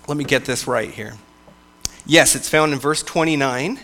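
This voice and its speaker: A man, a church elder, preaching a sermon in a conversational, halting way with frequent restarts. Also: medium pitch, pushed and bright.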